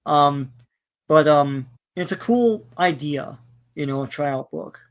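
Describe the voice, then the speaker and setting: A man's voice: on the high side, expressive, slow pace. A man co-hosting a comic book podcast, chatting casually with lots of fillers. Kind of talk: casual chat.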